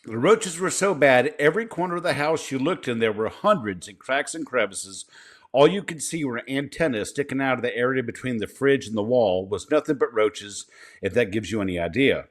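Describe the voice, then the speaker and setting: A man's voice: mid-range voice, animated, a little fast. A man co-hosting a casual podcast, telling and reading pest control stories in a plain, profane way. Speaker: podcast co-host.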